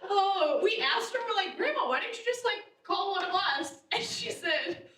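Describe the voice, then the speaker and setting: High, bright young woman doing stand-up. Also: normal speed. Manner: animated, laughs at own jokes, loud punchlines. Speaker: stand-up comedian. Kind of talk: stand-up comedy set. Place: live theater stage. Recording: roomy theater sound, distant mic.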